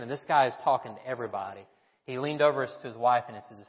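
A pastor delivering a sermon, telling stories and asking the congregation rhetorical questions. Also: male voice, medium pitch, very fast. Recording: echoey hall, dull lo-fi sound.

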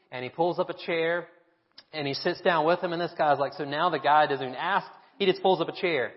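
A pastor delivering a sermon, telling stories and asking the congregation rhetorical questions. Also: male voice, fairly high pitch, brisk. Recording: echoey hall, dull lo-fi sound.

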